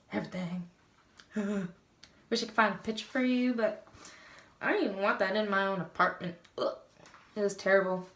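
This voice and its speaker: A woman's voice: medium pitch, fairly bright tone, roomy sound. A young woman talking candidly in a casual confessional vlog, blunt and swearing freely. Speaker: vlogger.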